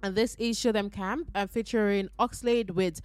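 A woman with a Nigerian accent hosting a radio call-in show from the studio, lively and coaxing, urging listeners to call in. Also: medium pitch, normal speed, clean tone, no echo, soft background music. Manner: lively, coaxing, laughs between lines. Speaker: radio host. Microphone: studio mic.

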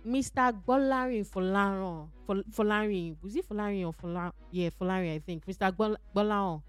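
A woman's voice: mid-range voice, a little fast, clean tone, faint music behind. Upbeat Nigerian woman radio host. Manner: lively, coaxing, laughs between lines. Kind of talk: upbeat radio call-in hosting. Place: radio studio. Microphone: studio mic.

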